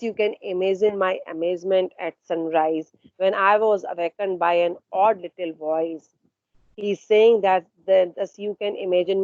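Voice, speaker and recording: During an online lesson on literature, a female teacher goes through a story line after line, asking questions and answering them on her own while paraphrasing and repeating. Her pitch is fairly high. The recording has no echo and sounds muffled.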